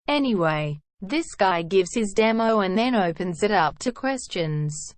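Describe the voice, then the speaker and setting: Woman, story narration, even reading, dry close sound, mid pitch. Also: measured pace, no echo. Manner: even, steady reading that voices "quote" and hashtags. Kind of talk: reading online stories aloud.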